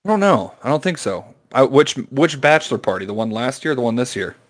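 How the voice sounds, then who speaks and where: A man co-hosting a podcast, trading jokes in a dry, offhand deadpan. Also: medium pitch, fast talker. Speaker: podcast co-host. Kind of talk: casual joke-telling chat.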